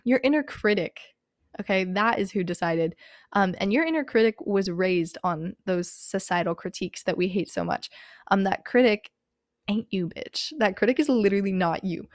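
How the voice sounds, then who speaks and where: Here a young woman hosts a podcast, offering casual, candid motivational talk peppered with frequent "like"s and "um"s. She is of Hispanic background, though her country isn't mentioned. Her voice sits at a medium pitch, recorded in studio quality with no echo.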